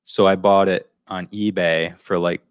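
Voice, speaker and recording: A man's voice: sits low, level tone, unhurried, clear, resonant tone, dry recording, lo-fi sound. A man co-hosting a podcast, telling a long story in casual chat and looping back with "so anyway.". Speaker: podcast co-host.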